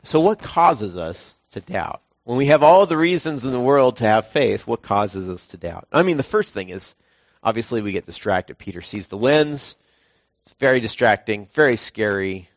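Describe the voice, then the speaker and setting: A young man preaching a casual, conversational sermon, telling everyday stories and now and then acting out quotes in a sudden high voice. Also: expressive, moderate pace, no echo, clean studio sound.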